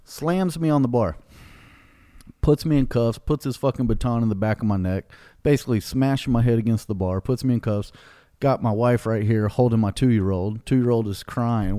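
A middle-aged man with a mellow, warm voice tells a story in a blunt, profane, animated way. His voice sounds dry and close to a studio podcast mic. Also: medium pitch, fairly quick, dry recording. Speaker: podcast host. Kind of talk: casual storytelling.

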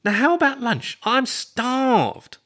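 Man doing a high, hammy jovial animal roommate. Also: sing-song, normal speed, pushed and bright, exaggerated voice. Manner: theatrical, playful exclamations. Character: exuberant high-voiced male furry roommate.

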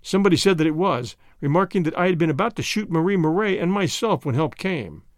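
Male narrator, audiobook, high voice, very animated, dry close sound. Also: no echo. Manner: measured first-person storytelling.

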